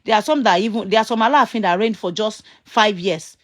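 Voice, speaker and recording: A woman's voice: mid-range voice, brisk. A woman with a Nigerian accent talking casually to viewers, rambling as she reminisces and searching aloud for names. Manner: grows loud and excited when a memory comes back.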